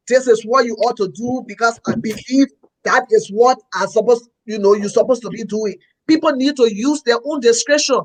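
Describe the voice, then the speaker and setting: A pastor co-hosting a talk show speaks in a very high voice, offering opinionated commentary. He's earnest and preachy and repeats himself, and the recording is rough.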